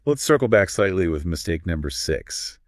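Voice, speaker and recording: A man's voice: low voice, very animated, normal speed, dry recording, studio quality. A man co-hosting a scripted conversation about learning English, agreeable and prompting follow-ups. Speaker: co-host. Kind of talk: scripted two-host explainer on learning English.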